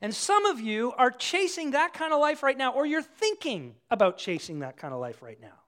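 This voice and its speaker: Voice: high voice, sing-song, normal speed, a bit bright. A preacher giving a casual, conversational sermon at a church service, acting out quotes in different voices.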